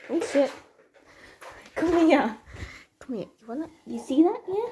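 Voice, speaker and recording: A woman's voice: sits high, big pitch swings, measured pace, pauses often, warm tone, a little hiss or hum. A young woman casually vlogging at home, chatting to viewers and coaxing her dog in a sing-song voice. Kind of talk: casual vlog narration.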